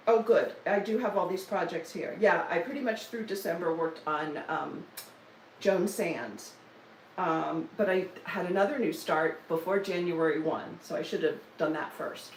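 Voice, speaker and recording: A woman's voice: lowish voice, echoey room, recorded from a distance, a little hiss or hum, poor audio. A woman, chatting casually on a live stream about her stitching projects, with joking asides and self-deprecating humor. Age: 60s. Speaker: stitching vlogger.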